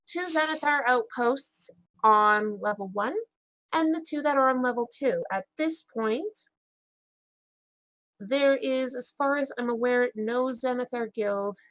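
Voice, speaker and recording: A woman with a fairly high voice speaks in character at a tabletop game, pausing often with ums and small restarts. Her voice is close and dry, with no room sound. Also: fairly bright tone, no echo. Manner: hesitant, many fillers and restarts. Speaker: player. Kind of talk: in-character tabletop role-play.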